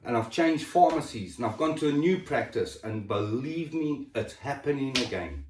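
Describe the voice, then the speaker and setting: A man's voice: medium pitch, expressive, moderate pace, recorded from a distance, slight background noise. Emotional man, echoey and off-mic. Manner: raw, emotional and swearing, with sudden drops in level. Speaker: person sharing his health story. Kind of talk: emotional personal chat. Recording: echoey room, voice set back from the mic.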